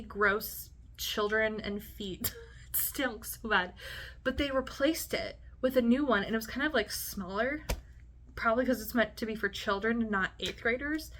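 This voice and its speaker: A woman in her late twenties reads entries from her teenage diary in a casual vlog. Her voice is bright, and she is chatty and giggly, stopping often for asides. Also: mid-range voice. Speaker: vlogger reading her old diary. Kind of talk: casual diary reading with commentary.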